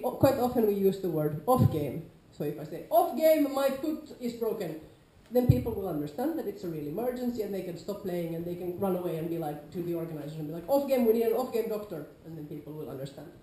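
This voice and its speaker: A woman with a Nordic accent giving an informal lecture to a class, lively, acting out quoted players with sudden loud calls. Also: fairly low pitch, slight background noise. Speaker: lecturer on larp safety. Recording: echoey lecture room.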